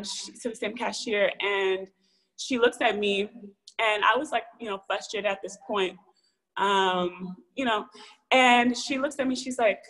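A woman's voice: medium pitch, a bit bright, low-quality recording. A young adult woman telling a personal story on a live call, rambling with many fillers and restarts. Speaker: caller sharing a story on a live show. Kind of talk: casual storytelling.

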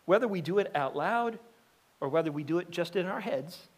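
A man's voice: high voice, animated, brisk. A middle-aged man preaching a sermon as a pastor, talking conversationally and acting out the voices of people in his stories. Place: church sanctuary.

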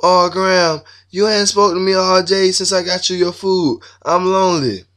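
A man's voice: high voice, fairly even intonation, normal speed, fairly bright tone, voice pushed up. A man voicing a whiny, timid young woman in a comic story. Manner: whining, pleading.

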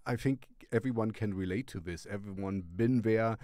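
A man hosts a music recommendation show and chats casually about a song. He talks in a hesitant, rambling way, full of fillers and restarts, in a slightly low voice. The sound is dry and close. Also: normal speed, warm tone, no room sound. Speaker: radio-style music show host. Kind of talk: casual song review commentary.

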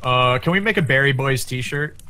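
A man's voice: mid-range voice, moderate pace, sharp tone, clear, resonant tone. A young man bantering goofily and playfully with a friend while they play a co-op game. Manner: playful, goofy, laughing. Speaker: co-op gaming partner. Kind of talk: casual co-op gameplay banter.

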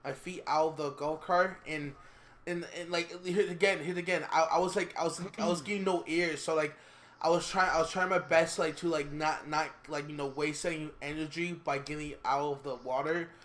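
A man telling his side of a story in casual chat, halting and restarting, with lots of fillers. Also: on the high side, steady tone, fairly bright tone. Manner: halting, stammering, many fillers.

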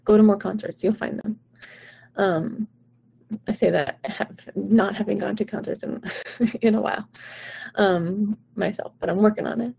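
A woman's voice: mid-range voice, steady tone, moderate pace, gravelly, pauses often, dark tone, slightly rough, lo-fi sound. A woman vocal coach giving casual, encouraging advice to viewers on a live stream, chatty and full of "like" and "right?".

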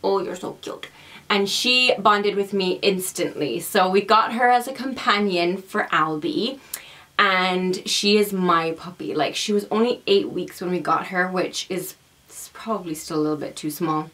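A woman's voice: fairly low pitch, measured pace, fairly bright tone. Chatty young woman vlogger. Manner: chatty and affectionate, laughs often. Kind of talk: casual chat to camera.

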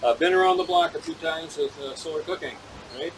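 A man's voice: fairly high pitch, a little fast, background noise. A man hosting an interview, introducing his guest in a loose, chatty way with many fillers. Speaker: interviewer and show host. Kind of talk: casual interview.

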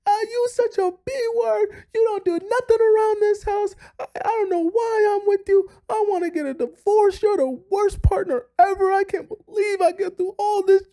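A man acting out a furious boyfriend who explodes and shouts his grievances in a shrill, near-crying voice. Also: moderate pace.

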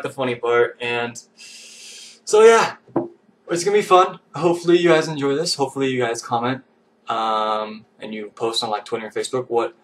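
A man with a medium-pitched voice talks to camera in a goofy, rambling, self-mocking way. He sounds a little far from the mic, with a faint hiss of noise behind him. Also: a bit bright. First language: English. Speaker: vlogger. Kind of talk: casual vlog to camera.

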